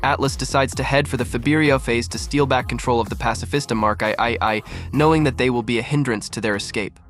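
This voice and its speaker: A man's voice: medium pitch, steady tone, quick pace, fairly bright tone, faint music behind. A man narrating an episode summary in a plain, matter-of-fact way. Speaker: anime recap narrator.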